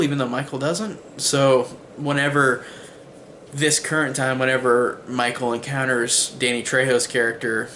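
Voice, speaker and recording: A man's voice: mid-range voice, bright, forceful tone, slight background noise. Dude rambling thru a movie review, lots of likes and ums, mid voice, swears when he's fed up. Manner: rambling, heavy use of "like" and "um"; exasperated, swears freely when criticizing. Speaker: film reviewer. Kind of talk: casual spoken movie review.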